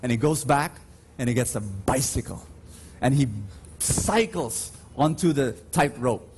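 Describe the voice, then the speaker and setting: With slight background noise, a man preaches at Mass in a large church, his mid-range voice animated and a little mellow. He emphatically calls out to the congregation for responses, telling slow, drawn-out stories with dramatic rises.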